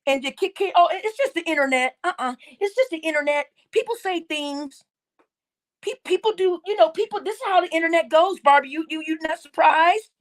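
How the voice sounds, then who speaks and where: High-pitched lady going off on her live chat, scolding, repeats herself a lot. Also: a little fast. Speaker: livestream host. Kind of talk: heated livestream rant.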